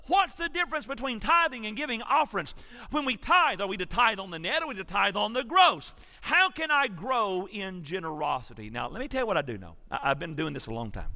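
A man's voice: high voice, pushed and bright, big-room sound. A man, a pastor preaching an emphatic, storytelling sermon in a church sanctuary.

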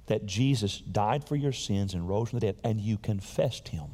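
A man's voice: lowish voice, a little slow, hardly any pauses. A man preaching a sermon and telling personal stories in a folksy, emphatic way. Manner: folksy, emphatic, repeats words when excited. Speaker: pastor. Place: large church sanctuary. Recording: long hall reverb in a church.

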